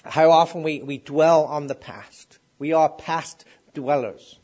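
A man's voice: on the high side, steady tone, slow pace, darkish tone. A middle-aged man preaching a sermon. He asks the congregation questions and builds up to emphatic declarations.

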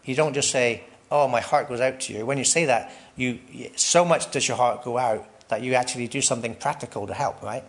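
A man's voice: mid-range voice, a little fast, hardly any pauses. A man preaching a sermon in a conversational way, asking the congregation questions, tagging "right?" onto his points and laughing lightly between phrases.

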